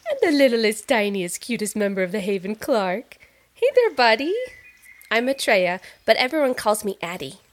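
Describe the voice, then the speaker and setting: A woman's voice: medium pitch, expressive, normal speed, lightly acted. A woman playing a sweet, effusive artist. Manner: sweet, effusive and gently probing. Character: gracious warm female artist, doctor's wife. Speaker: audio drama character.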